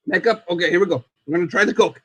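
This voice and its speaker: A man hosting a casual live stream, chatting while he eats. He is excitable, exclaims often and calls himself the dead skeleton in the third person. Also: high-pitched, rapid-fire, slightly rough, no echo.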